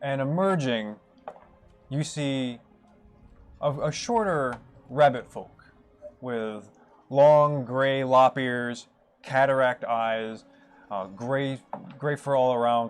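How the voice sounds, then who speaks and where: Relaxed male game master narrating. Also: mid-range voice. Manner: relaxed, halting descriptive narration.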